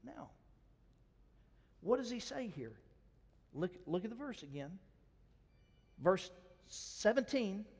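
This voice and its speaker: Man, pastor, sermon, high pitch, quizzes the congregation, long hall reverb. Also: big pitch swings, takes it slowly, pauses often, slightly rough. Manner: swings from quiet storytelling to loud urgent exhortation; asks the congregation questions.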